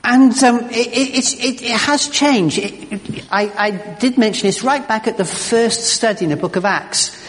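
A man preaching a sermon as pastor, emphatic and animated, often stumbling and repeating words. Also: high-pitched, unhurried, few pauses. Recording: long church reverb.

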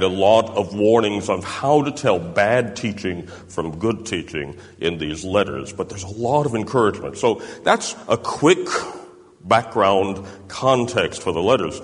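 A man's voice: on the low side, moderate pace. A man preaching a sermon, explaining step by step and checking in with tag questions like "doesn't it?". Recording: reverberant hall.

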